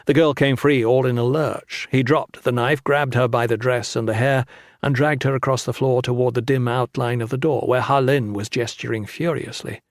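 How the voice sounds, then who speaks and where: A man narrating a fantasy audiobook with steady, dramatic storytelling on a close studio mic. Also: mid-range voice, moderate pace, no room sound.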